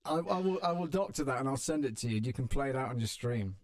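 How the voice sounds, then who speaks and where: A British man hosts a live stream in relaxed, chatty talk with a self-deprecating streak. His voice sits at a middle pitch and sounds dry and close. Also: fast talker, no echo. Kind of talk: casual chat on a live stream.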